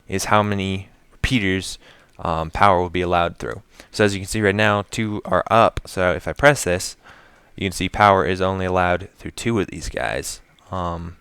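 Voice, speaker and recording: A man with a low, gravelly voice talks his viewers through a building game in an unhurried, easygoing way, often muttering to himself and counting items aloud as he places them. His tone stays smooth and clear under the grit, and the sound is dry and close. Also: a bit bright, no echo. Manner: explains step by step to his viewers. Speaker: Minecraft builder and commentator. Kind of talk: casual gameplay commentary.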